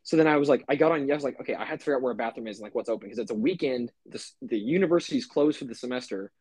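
A man's voice: mid-range voice, racing, a little mellow, husky, dry recording. A young man co-hosting a podcast, telling a story in a loose, rambling way with lots of "like" and swearing. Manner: rambling, swears a lot, many fillers. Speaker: podcast co-host. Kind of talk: casual chat.

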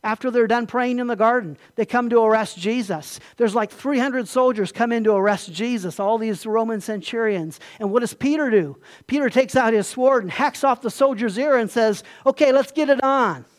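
A man's voice: very high-pitched, moderate pace, hardly any pauses. A man delivering an emphatic sermon as a pastor, often asking his listeners questions. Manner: emphatic, asks the congregation questions.

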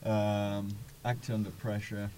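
A man playing a tabletop game, casual and quick to laugh. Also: on the low side, little pitch movement, mellow, clear, resonant tone. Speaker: player. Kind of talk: casual chat.

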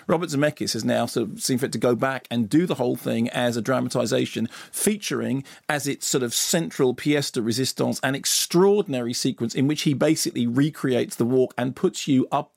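A film critic reviews movies on the radio in a medium-pitched, gravelly, slightly mellow voice. He's enthusiastic, often stumbling and restarting his sentences. The studio radio mic gives a dry, clean studio sound.

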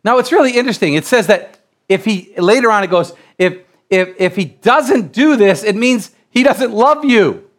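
A middle-aged man from the United States preaching a sermon, repeating and restarting phrases as he builds to loud exclamations. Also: high-pitched, expressive, normal speed, few pauses.

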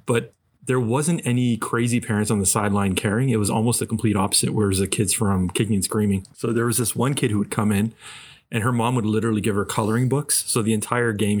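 A man, co-hosting a podcast, telling rambling stories with lots of fillers. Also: fairly low pitch. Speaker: podcast co-host. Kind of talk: casual chat.

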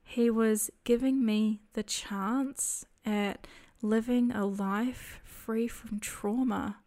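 A woman telling a personal faith testimony in a soft, reflective storytelling manner. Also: on the high side, steady tone, extremely slow. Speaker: storyteller sharing a spiritual experience.

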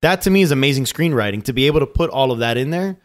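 A man in a casual film discussion, animated, acting out quotes and swearing freely. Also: medium pitch, rapid-fire.

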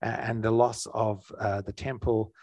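A man's voice: on the low side, little pitch movement, a little slow, darkish tone, breathy edge, no room sound. A man preaching a conversational sermon in an earnest way, often restarting his sentences. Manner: earnest, with frequent restarts and fillers.

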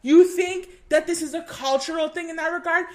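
A woman co-hosting a podcast in casual chat, ranting in an animated way and swearing freely. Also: very high voice, a little fast. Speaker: podcast co-host.

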